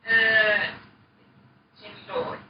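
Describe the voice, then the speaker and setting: Brief: hesitant learner, slow and halting; distant, echoey, dull call audio. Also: mid-range voice, level tone, music in the background. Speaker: language student. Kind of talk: online language lesson.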